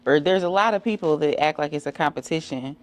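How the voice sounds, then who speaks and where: Low-voiced woman podcast host. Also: quick pace. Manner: relaxed, encouraging interviewer, asks open questions. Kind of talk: casual podcast interview.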